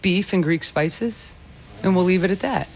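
Proud, emphatic restaurant owner. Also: male voice, high voice, normal speed. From Detroit. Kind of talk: interview.

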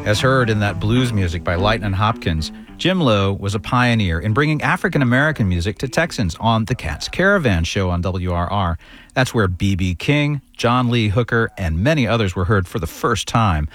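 A man reading a scripted history segment in a measured storytelling manner. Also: fairly low pitch. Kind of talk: scripted narration.

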